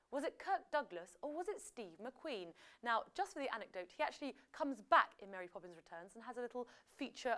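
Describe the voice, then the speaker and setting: A woman's voice: a little high, a bit bright. A British woman hosting a live quiz show, chatty and full of jokey asides between the questions. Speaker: quiz host.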